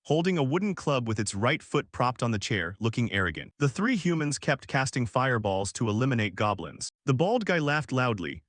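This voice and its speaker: A man's voice: mid-range voice, very animated, brisk, hardly any pauses, no echo, studio quality. A man narrating a comic story recap in a scripted, storytelling way.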